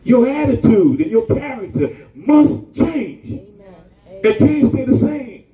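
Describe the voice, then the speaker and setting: Lively, high-pitched man preaching a sermon. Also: slow pace, roomy sound, distant mic, a crowd in the background, poor audio. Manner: animated, colloquial, calls out to the congregation.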